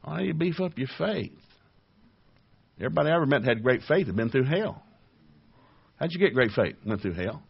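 A man's voice: mid-range voice, expressive, a little fast, gravelly, pauses often, breathy edge, dull audio. A man preaching a folksy, humorous sermon, firing off rhetorical questions, chuckling, and acting out little dialogues. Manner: plays out little dialogues, raising his voice for the voices of others.

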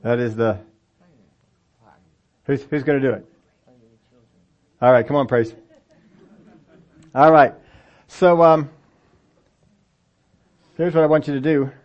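A man's voice: medium pitch, steady tone, slow pace, long pauses, lo-fi sound. A man preaching a sermon in a conversational way, acting out the voices of the story's people for a congregation with children present. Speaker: pastor. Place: church sanctuary with children present.

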